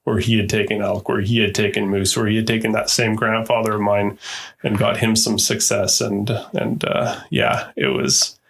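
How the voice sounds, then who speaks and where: Middle-aged male guest, gravelly and slightly low, casual storyteller who stumbles and repeats himself. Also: moderate pace, a bit bright, a little hiss or hum. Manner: repeats words while telling stories. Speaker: podcast guest.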